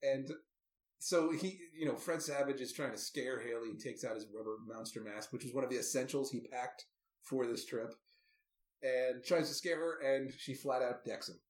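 A man's voice: medium pitch, moderate pace. A man casually recapping a movie with a co-host, wry and amused, with lots of asides. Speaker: podcast co-host. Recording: roomy echoey room.

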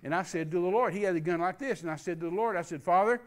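A male preacher delivers a sermon with a high, ringing voice. He is emphatic and repetitive, and he spells out key words letter by letter to drive them home. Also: racing.

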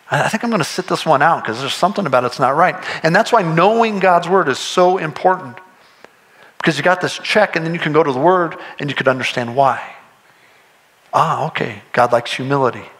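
A man preaching a sermon as pastor, in a conversational, animated way, acting out imagined voices. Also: a little high.

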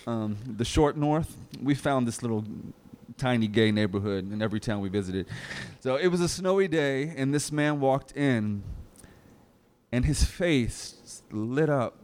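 A man's voice: mid-range voice, normal speed, darkish tone. Reflective man reading testimony. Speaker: reader at a live oral-history reading. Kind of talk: read-aloud testimony.

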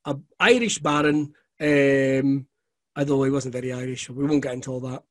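A man from Scotland, a guest telling animated, profane stories in casual chat. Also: medium pitch, normal speed. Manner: profane, animated anecdotes with laughter. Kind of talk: casual storytelling.

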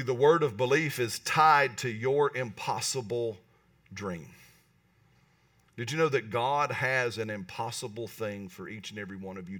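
A man preaching a lively sermon in church, often asking the congregation "right?" and pausing for answers. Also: medium pitch, far from the mic. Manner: animated, talks to the congregation with calls like "right?". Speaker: pastor. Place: church hall.

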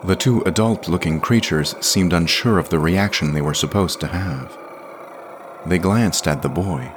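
A man reads a fiction podcast in a measured, plain storytelling voice. His pitch sits very low. A steady hiss lies under the whole recording. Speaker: narrator. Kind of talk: scripted story narration.

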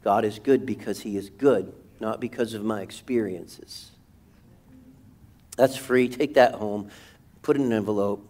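A man preaching a sermon as pastor, animated, asking rhetorical questions and shouting quoted lines for emphasis. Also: on the low side, unhurried, long pauses. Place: church sanctuary.

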